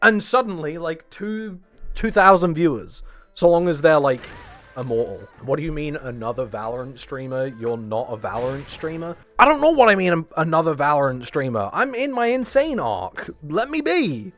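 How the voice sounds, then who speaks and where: Male streamer, somewhat high voice, manic rambling chatter over faint music. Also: animated, moderate pace. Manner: hyper, rambling, swears a lot; jumps between loud high bursts and low mutters.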